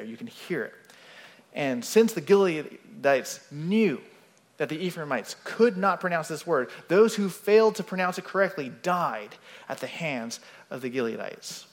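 A man's voice: a little high, fairly bright tone, big-room sound. A male pastor giving an expository sermon in a conversational way, often checking in with "right?".

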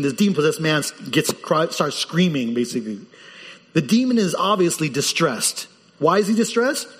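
A man preaching a sermon as the pastor, animated and lively, his voice jumping up when he quotes people in the story. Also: fairly high pitch, long reverb tail.

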